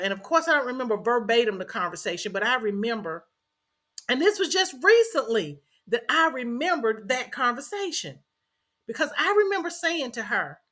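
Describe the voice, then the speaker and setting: A woman's voice: on the high side, big pitch swings, normal speed, a bit bright. A middle-aged woman, earnestly telling a personal story as a podcast host and repeating phrases for emphasis.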